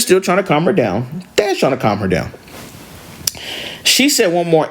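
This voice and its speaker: A man hosting a podcast, casually telling a story from driving rideshare, animated and full of slang. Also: mid-range voice, normal speed. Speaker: podcast host and rideshare driver.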